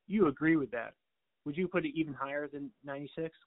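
A man's voice: on the high side, fast talker, dry recording. A man leading a casual film chat, asking questions and agreeing briefly. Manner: asks questions, short agreeing replies. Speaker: movie podcast co-host. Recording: tinny phone-like line.

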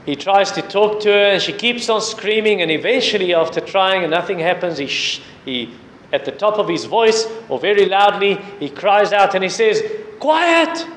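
A man preaching a sermon, earnestly urging prayer and fasting and citing scripture as he goes. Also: fairly high pitch. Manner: earnest, repetitive exhortation with scripture references. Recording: echoey hall with faint background noise.

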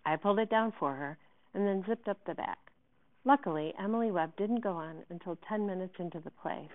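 Brief: lower-voiced woman teacher, expressive read-aloud of a novel, tinny phone-like audio. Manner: expressive first-person reading.

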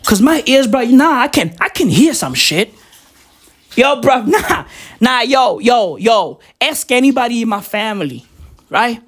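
A man ranting casually and profanely, rambling and excitable, with sudden shouts. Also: extremely high pitch, measured pace.

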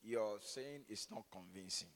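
A man's voice: lowish voice, measured pace, fairly bright tone. A man, a preacher who leads prayer and then teases his congregation in call-and-response. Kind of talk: sermon with opening prayer. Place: church hall. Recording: long church hall reverb.

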